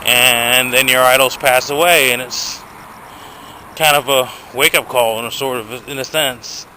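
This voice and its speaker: A man's voice: medium pitch, steady tone, unhurried, sharp tone, a little hiss or hum, low-quality recording. A young man ranting to his camera outdoors, profane and agitated, filmed on a handheld phone. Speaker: vlogger. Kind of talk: casual rant to camera.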